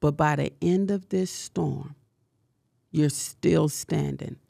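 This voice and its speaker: A woman's voice: deep voice, takes it slowly, creaky, mellow, no echo. A woman podcast host giving an impassioned motivational talk, preacher-like, repeating her lines and confessing.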